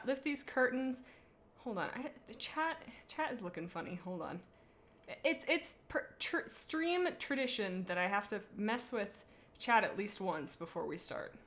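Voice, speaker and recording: A woman's voice: mid-range voice, fairly bright tone. A young woman streamer chatting playfully and dramatically while rating viewers' pet cats, rambling with silly asides. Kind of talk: casual livestream chat.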